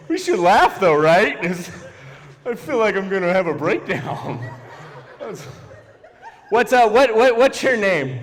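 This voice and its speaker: High-voiced man doing stand-up in an echoey hall. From Philadelphia. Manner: animated, quick voice switches for quoted people. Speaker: stand-up comedian. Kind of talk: stand-up comedy. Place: large church hall before a live audience.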